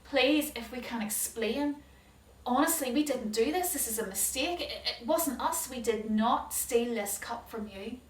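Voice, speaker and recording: A woman telling a Bible story brings in a grown brother who pleads gently and earnestly, the voice a touch high and heard from a distance in a roomy space. The tone stays sincere and humble throughout. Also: a little slow, close to an everyday voice. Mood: pleading. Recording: roomy hall, distant mic.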